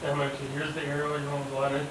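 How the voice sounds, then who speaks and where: A man with a fairly high voice tells a hunting story in casual chat, acting out every quote and swearing as he goes. He sounds far from the mic in an echoey space. A steady hiss of noise sits under him. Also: racing. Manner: animated, acts out quotes, swears freely. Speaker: hunter telling a story. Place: hunting camp gathering. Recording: echoey, distant, noisy camp recording.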